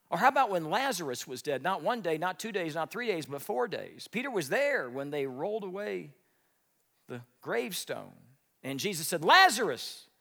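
A man preaching a sermon, telling stories with big swings, shouting at the high points and dropping to a whisper. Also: creaky. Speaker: pastor. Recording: long hall reverb.

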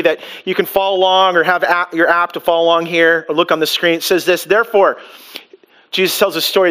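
A pastor delivers an animated sermon in a high voice, posing rhetorical questions and acting out the characters in the story.

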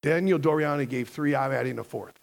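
A man's voice: medium pitch, fairly quick, gravelly. A man preaching a sermon as a pastor, emphatic and conversational, often asking the congregation questions.

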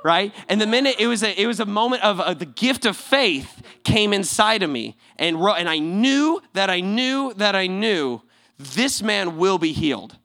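Male pastor, sermon storytelling, bright voice, animated delivery, laughing. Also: sits high, normal speed. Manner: animated, laughing, acts out quotes.

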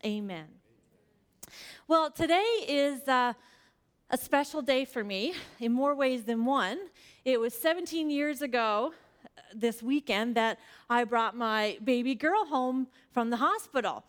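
A woman in her forties speaks to a congregation with earnest, chatty warmth of story. Her voice sits a little high for a woman. She leans on casual fillers as she tells her stories and prays. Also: unhurried. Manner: frequent fillers like "like". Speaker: church speaker. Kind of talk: personal sermon with prayer.

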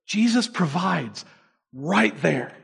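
A man's voice: sits high, animated, slow pace, creaky, fairly bright tone, slightly rough. A man giving a casual, conversational sermon, acting out quoted voices with many fillers. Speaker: pastor.

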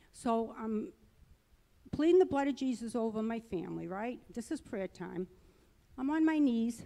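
A woman's voice: fairly high pitch, creaky, mellow, in a large hall. A middle-aged woman giving a personal testimony at church, earnest and conversational, rambling a little as she talks. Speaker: church speaker.

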